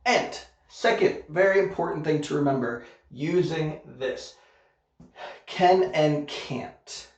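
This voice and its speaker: A man's voice: fairly high pitch, slow pace. A man teaching an online English grammar lesson, modeling example sentences carefully and checking in with "okay?" as he goes. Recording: echoey room, dull lo-fi sound.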